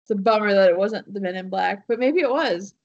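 Rambling through a story with plenty of fillers and laughter, a podcast co-host chats casually. She speaks in a mid-range voice, a little fast and slightly mellow, on a muffled recording.

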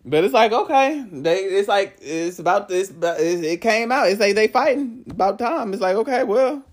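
A podcast host chatting casually at home late at night, gossiping and reading cards in an animated, profane way with frequent laughter. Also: medium pitch, moderate pace.

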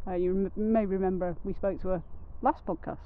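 A woman's voice: lowish voice, fairly even intonation, brisk. A woman co-hosts a casual podcast from a rock out in the hills, rambling along with wry, self-mocking asides. The sound is narrow and phone-like, with a faint hiss of noise behind her. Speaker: podcast co-host. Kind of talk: casual outdoor podcast chat. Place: outdoors, sitting on a rock in the hills.

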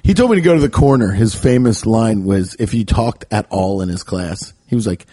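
A man hosting a casual podcast, telling profane stories and dropping into quick voices of the people in them. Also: lowish voice, no room sound. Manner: profane, animated storyteller doing quick voices of others. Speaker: podcast host. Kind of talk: casual storytelling chat.

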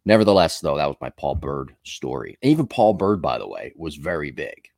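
A man's voice: a bass voice, sing-song, fairly quick, gravelly, a little mellow, no room sound, studio quality. A man hosting a podcast in casual chat, telling rambling stories with many fillers and asides. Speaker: podcast host.

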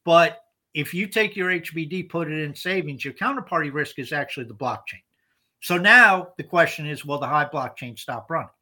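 Male podcast co-host, fairly high, bright tense voice, emphatic explainer. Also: normal speed. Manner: explanatory, emphatic, repeats words when starting over. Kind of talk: casual podcast discussion.

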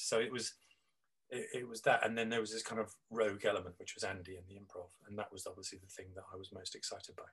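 A man's voice: lowish voice, steady tone, fast talker, a bit bright, slightly rough, rough recording. A middle-aged man, a guest on an interview, talking reflectively with many restarts and fillers. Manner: rambling, with frequent restarts and fillers. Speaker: guest, improv teacher.

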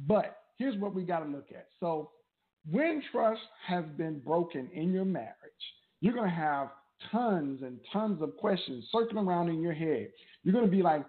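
A man's voice: on the high side, expressive, moderate pace. A man co-hosting a talk show, giving relationship advice in a loose, conversational way, often repeating words as he thinks. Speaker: co-host of a marriage talk show. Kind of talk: casual advice chat. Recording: tinny phone-like sound.

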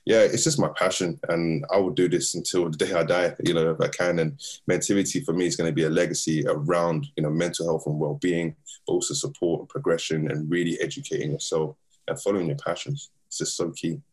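A man's voice: sits low, flat delivery, brisk, breathy edge. A man talking earnestly and passionately as an interview guest about his youth mentoring work. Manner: earnest and passionate, builds points in long runs. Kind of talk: casual interview talk.

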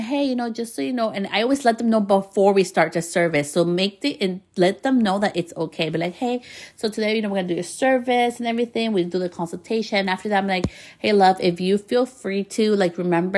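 Chatty woman giving casual advice. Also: on the low side. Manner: chatty, upbeat, frequent fillers and mild swearing. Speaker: podcast host giving business tips to hairstylists.

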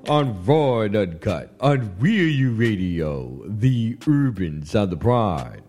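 Brief: male radio host, lower voice, animated and playful, laughs a lot, music under. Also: slow. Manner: playful, laughing often, rambling asides. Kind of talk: casual radio chat.

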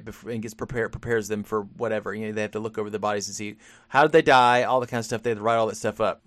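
A man co-hosting a podcast, retelling a film's plot in a rambling way with quick acted-out quotes. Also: medium pitch, a bit bright, no echo. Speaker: podcast co-host. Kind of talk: casual plot recap.

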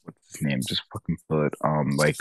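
A man in casual podcast chat, ranting with lots of swearing and animated put-on voices. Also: very deep voice, moderate pace, dry recording, poor audio. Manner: profane, animated rants. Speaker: podcast co-host.

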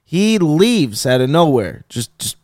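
A man's voice: on the high side, takes it slowly, no room sound, clean studio sound. A man co-hosting a podcast, telling a story in casual chat, acting out the voices of the people in it and laughing often. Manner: animated, acts out quoted voices, laughs often. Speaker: podcast co-host.

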